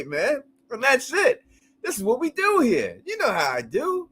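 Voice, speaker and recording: Excitable high-voiced male host. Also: moderate pace. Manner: animated, laughs often, crude slang. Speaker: live-stream host. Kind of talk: casual call-in chat.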